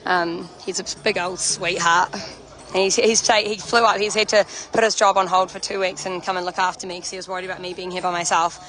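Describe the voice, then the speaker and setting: A woman with a lowish, fairly bright voice speaks fairly quickly in a flat delivery, and the audio is poor. Livestreaming from a protest camp outside on her handheld phone, she chats straight to viewers while crowd sounds and music carry in the background.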